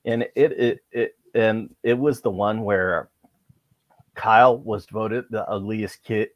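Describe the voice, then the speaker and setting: A man in casual chat on a live stream who talks haltingly, restarting and repeating words. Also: lowish voice, steady tone, dry recording, muffled recording.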